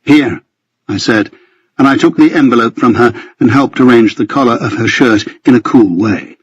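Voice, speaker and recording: A man with a husky voice narrating a first-person novel in a measured storytelling manner. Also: mid-range voice, dry recording, lo-fi sound. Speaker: audiobook narrator.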